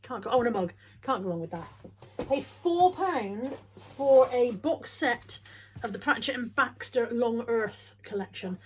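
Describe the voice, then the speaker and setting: A middle-aged woman chatting casually as she shows off her bargain finds, wry and thinking out loud. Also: on the high side, expressive, measured pace. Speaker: reseller showing bargain finds.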